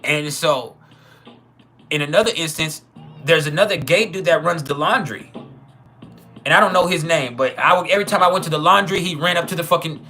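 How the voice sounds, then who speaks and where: A man's voice: a little high, brisk, sharp tone. A man casually telling a personal story, profane and chuckling, with many trailing restarts. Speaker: channel host.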